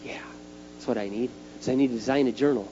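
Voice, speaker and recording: A middle-aged man preaching a sermon, telling stories in an animated way and acting out the scenes. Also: mid-range voice, fast. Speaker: youth speaker. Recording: dull lo-fi tape with faint hum.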